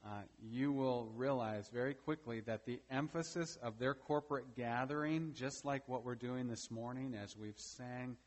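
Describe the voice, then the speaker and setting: A male pastor delivers a sermon at a mid-pitched, ordinary register, pressing his points with emphasis and checking in with the congregation through quick tag questions. His voice carries a long reverb tail from the church hall around him. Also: steady tone. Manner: emphatic preaching with frequent "right?" tag questions. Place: church during a morning service.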